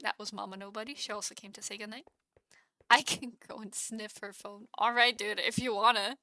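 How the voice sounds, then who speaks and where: Giggly bright-voiced young woman streaming. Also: medium pitch, brisk, no room sound. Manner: giggly, chats with viewers, bursts into excited exclamations. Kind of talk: casual live-stream chatter while gaming.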